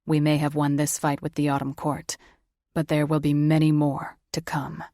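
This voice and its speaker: Woman doing a wry, lowered young man. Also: completely flat delivery, normal speed, mellow, dry recording, studio quality, lightly acted.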